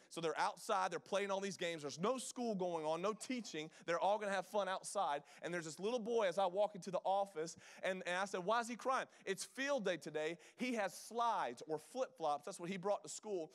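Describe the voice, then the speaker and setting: Brief: male pastor, high voice, impassioned sermon delivery with congregation call-outs. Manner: impassioned, rising to loud peaks, call-and-response with congregation.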